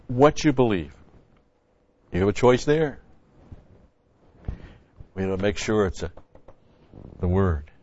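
Low-voiced guy preaching, chatty and folksy, dry muffled recording. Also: darkish tone, no room sound. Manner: conversational, folksy asides, repeats key phrases. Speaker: pastor. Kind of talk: sermon teaching. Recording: dry, dull lo-fi sound.

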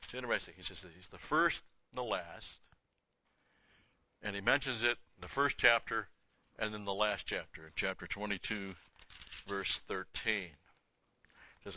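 A man's voice: on the low side, unhurried, pauses often, bright, forceful tone, no room sound, dull audio. Man teaching Scripture verse by verse. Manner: reads scripture aloud with rising emphasis, then explains in a casual aside. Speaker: Bible teacher.

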